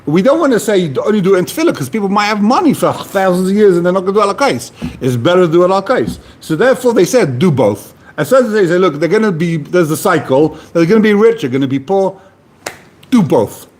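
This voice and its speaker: A fast-talking man with a high voice leads a Talmud class in an animated way. He reads Aramaic phrases and follows each with a casual translation and plain explanation for his study partner.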